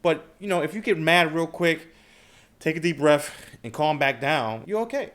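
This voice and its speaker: A man's voice: fairly high pitch, animated, moderate pace, fairly bright tone. Man casually coaching traders. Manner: conversational, frequent filler questions like "okay?" and "right?". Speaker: trading channel host. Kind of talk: casual talk to camera.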